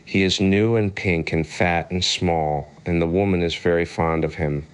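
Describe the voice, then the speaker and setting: A man's voice: low-pitched, steady tone, moderate pace, smooth, lightly acted. A man voicing a little gossipy bat in a storybook reading. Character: little upside-down bat, gossipy news-bringer.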